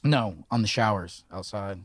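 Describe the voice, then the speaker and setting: A man's voice: fairly low pitch, no echo, clean studio sound. A man co-hosting a podcast, riffing with crude jokes in casual chat. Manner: crude joking, quick riffing asides. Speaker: podcast co-host.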